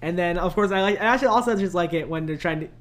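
A young man co-hosting a podcast, chatting casually about a movie, animated and laughing often. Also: high-pitched, rapid-fire. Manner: animated, laughs often, quotes lines in funny voices. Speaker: podcast co-host. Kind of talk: casual movie review chat.

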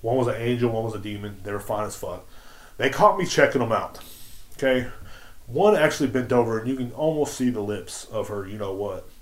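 A man's voice: fairly low pitch, brisk. A man hosting a solo podcast, telling crude stories in a rambling, profane, casual way. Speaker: podcast host. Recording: roomy echo.

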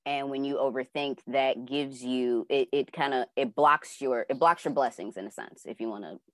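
A young adult woman in a class shares a dream, telling the personal story casually and with animation, acting out her own reactions and using lots of fillers. Her voice is bass and a bit bright, at normal speed, with no room sound.

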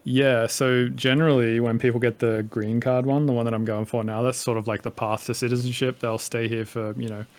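A man's voice: medium pitch, little pitch movement, a little fast, few pauses, a little mellow. A man in his thirties from Australia with a light Australian accent, a podcast guest talking casually in a rambling way and swearing freely.

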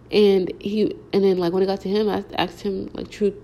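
A woman's voice: mid-range voice, flat delivery, normal speed, warm tone. A young adult woman telling a casual storytime, rambling along with slangy filler words. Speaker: vlogger.

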